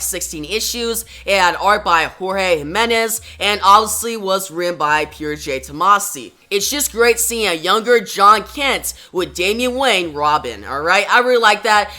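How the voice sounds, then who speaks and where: A man's voice: high-pitched, bright, forceful tone. A young man chatting enthusiastically to his viewers as he reviews a comic book and reads out its dialogue. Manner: summarizes plot and reads dialogue aloud. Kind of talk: casual video review.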